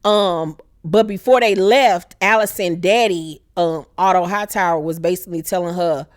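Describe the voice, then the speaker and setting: Animated woman recapping a TV show. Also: fairly low pitch, moderate pace, dry recording, studio quality. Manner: animated, acts out characters in exaggerated voices. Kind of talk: casual profane TV recap.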